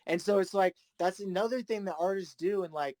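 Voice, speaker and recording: A man's voice: sits high, a little fast, darkish tone, dry recording. Laid-back man in a dry room. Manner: laid-back, rambling, laughs often. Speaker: musician guest. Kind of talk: casual chat.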